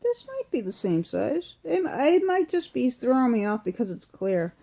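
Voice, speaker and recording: A woman's voice: fairly high pitch, very animated, moderate pace, vocal fry, mellow. Woman, Massachusetts accent, chatty vlog, rambling with fillers, sick and weak, phone mic at home. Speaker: vlogger. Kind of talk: casual unboxing chat. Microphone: phone or webcam close in front.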